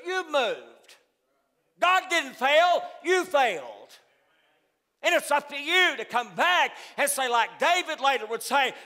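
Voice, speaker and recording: A man preaching a fervent sermon as pastor of a church, with sudden loud outbursts. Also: very high voice. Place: church sanctuary. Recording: long hall reverb.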